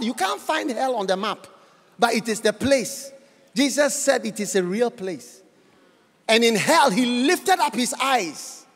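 A man preaching a fervent sermon, often raising his voice to a shout for emphasis. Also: extremely high pitch. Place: large church auditorium. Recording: long hall reverb, faint congregation.

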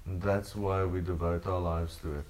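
A man's voice: low voice, flat delivery, normal speed, a little mellow, slight background noise. A man preaching a sermon to his congregation, earnest and repetitive in cadence. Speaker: pastor.

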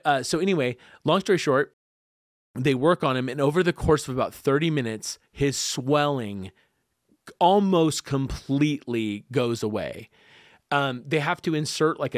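A man speaking as a podcast guest, telling a personal story in an animated way, laughing often and acting out what people said. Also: fairly high pitch, no room sound, clean studio sound. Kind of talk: conversational storytelling.

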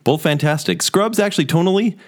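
A young man co-hosting a casual chat among friends, enthusiastic and quick to laugh. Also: sits high. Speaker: podcast co-host.

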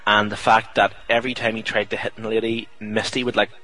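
A man's voice: fairly low pitch, little pitch movement, fast talker, pushed and bright, rough recording. A young man, a podcast host chatting casually and jokily, rambling with fillers. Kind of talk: casual chat.

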